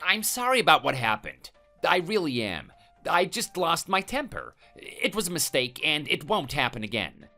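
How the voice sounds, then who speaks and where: Guy putting on a whiny cowardly ex-husband, high and pleading, voice jumps all over, faint music behind. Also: wildly swooping pitch, moderate pace, pushed and bright, exaggerated voice. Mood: apologetic. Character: cowardly bullying male ex-husband, grovelling. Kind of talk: text message story voice.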